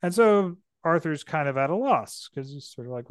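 A man's voice: on the high side, lively intonation, normal speed, clean tone, dry recording, studio quality. A male podcast host from the United States, casually retelling and discussing a book in a chatty, rambling way. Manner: chatty, rambling, lots of restarts.

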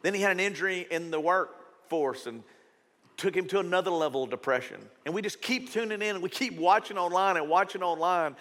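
A man's voice: high-pitched, fairly quick, a bit bright. A middle-aged man, preaching a sermon in a conversational, storytelling way with strong emphasis. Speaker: pastor. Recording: reverberant church hall.

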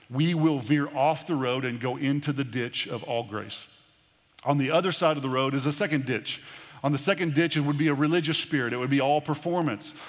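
A man preaching a sermon in a church auditorium, his voice carrying a long reverb from the large room. He speaks emphatically, repeating phrases and leaning on key words. His pitch sits in the middle for a man. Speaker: pastor.

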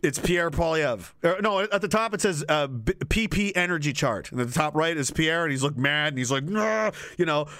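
A man's voice: on the high side, a little fast, few pauses, fairly bright tone, dry recording, clean studio sound. A man streaming live, rambling, giggling and swearing in a casual comedic rant.

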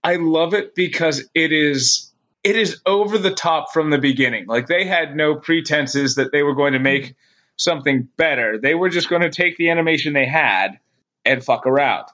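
A man's voice: a little high, normal speed, sharp tone. Laughing middle-aged man, podcast co-host. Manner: laughs often, swears casually. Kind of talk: casual chat. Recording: dull lo-fi podcast audio.

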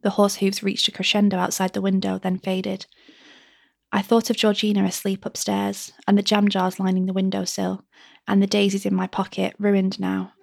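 Gravelly woman reading a story aloud. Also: medium pitch, monotone, no echo, clean studio sound. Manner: measured, gentle first-person storytelling. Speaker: author reading her novel. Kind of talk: audiobook narration.

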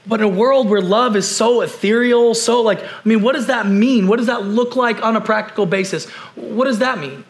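Guy preaching, kinda high voice, chatty, lots of repeats and what-if questions, goes soft and slow on the big points. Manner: conversational preacher, repeats key phrases, fires off rhetorical questions; drops to quiet, slow emphasis on key points. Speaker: pastor. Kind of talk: sermon.

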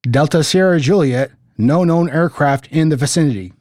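A man reading an air traffic controller's lines from a transcript, brisk and procedural. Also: fairly high pitch, darkish tone, dry recording, clean studio sound, lightly acted.

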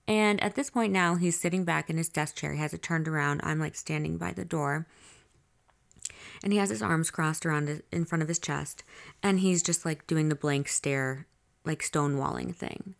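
Low gravelly woman, candid podcast host. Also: normal speed. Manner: candid, profane, speaks straight to listeners. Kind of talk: confessional diary storytelling.

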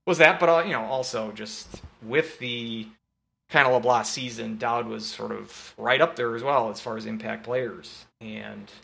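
A man co-hosting a sports podcast, talking casually in halting, self-correcting bursts and cracking jokes. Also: on the low side, gravelly, pushed and bright. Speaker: podcast co-host.

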